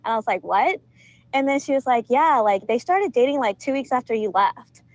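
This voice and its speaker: Chatty young woman, higher voice. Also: animated, fairly quick, low-quality recording. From Georgia, US. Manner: chatty, leans on filler words and laughs often. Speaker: podcast guest. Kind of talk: casual storytelling.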